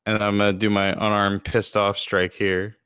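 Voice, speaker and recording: A man's voice: fairly low pitch, little pitch movement, moderate pace, a bit bright, smooth, no room sound, studio quality. A man playing in a tabletop game over a voice call, laid-back and swearing casually. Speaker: player.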